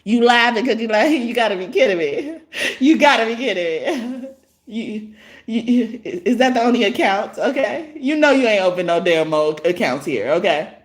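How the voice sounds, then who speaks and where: A woman's voice: on the high side, expressive, normal speed. A woman, hosting a casual livestream reading. She talks in a brash, profane way, laughing often and breaking into song. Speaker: tarot reader on a livestream.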